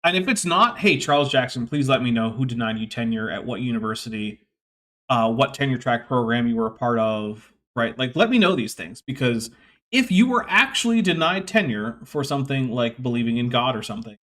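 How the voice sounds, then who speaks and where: A man's voice: mid-range voice, lively intonation, brisk, a bit bright. A man hosting a live stream, chatting casually and sardonically, with frequent fillers. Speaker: streamer and host.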